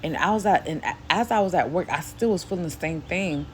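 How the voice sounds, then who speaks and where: Woman from New York, low voice, casual testimony storytelling, faint background noise. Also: a little fast. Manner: acts out quoted speech in a higher voice; grows quieter and softer later in the story. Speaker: Christian vlogger.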